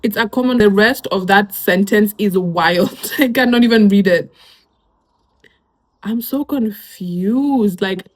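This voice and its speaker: A young Kenyan woman with a Kenyan accent vlogging at a middle pitch, reading posts aloud and reacting in a loose, chatty way. She laughs easily and slips Swahili slang into her sentences. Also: moderate pace, few pauses. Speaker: YouTuber. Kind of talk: casual commentary reading online posts.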